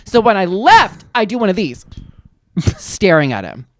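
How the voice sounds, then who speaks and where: A young adult woman co-hosting a podcast, in a casual chat, telling a story in an animated, playful way with acted-out quotes. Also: medium pitch, normal speed. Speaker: podcast co-host.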